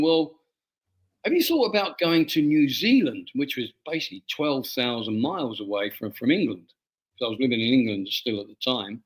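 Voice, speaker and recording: Halting, slightly high-voiced man telling a story. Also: low-quality recording. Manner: halting, repeats words often. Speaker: author guest. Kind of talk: storytelling in an interview.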